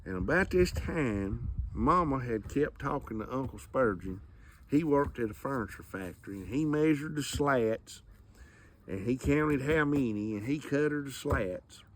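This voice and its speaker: A man telling a comedy story, animated and acting out sound effects. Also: mid-range voice, unhurried, slight background noise.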